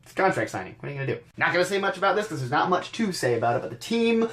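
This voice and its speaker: A man's voice: high voice, big pitch swings, very fast, fairly bright tone, a little hiss or hum. A man hosting a podcast, recapping wrestling in a casual, wry, sarcastic way with frequent stammered restarts. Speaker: podcast host.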